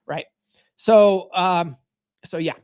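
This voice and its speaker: A man's voice: sits high, extremely slow, a little mellow, smooth. Man, podcast host, dating coach, blunt, profane, repetitive, advice monologue. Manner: blunt, swears freely, repeats key phrases.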